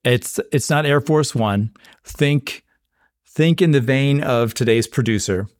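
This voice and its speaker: A man's voice: medium pitch, normal speed. A man with a mid-range voice co-hosts a casual film-review podcast, joking around and tripping over his words with repeated restarts. His voice is recorded dry and close, with no room echo. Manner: playful, stammering restarts. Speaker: podcast co-host.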